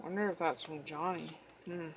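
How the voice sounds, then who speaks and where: A woman's voice: low-pitched, steady tone, moderate pace, a little hiss or hum. A woman vlogger chatting casually through a journal flip-through, rambling as she tells stories and swearing now and then. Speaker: craft vlogger.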